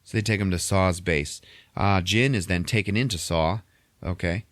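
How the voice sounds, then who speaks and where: A man hosting a podcast, recapping a film in a profane, animated storytelling manner, a bit tipsy. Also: deep voice, normal speed, no room sound, clean studio sound. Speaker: podcast host. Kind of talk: casual movie recap chat.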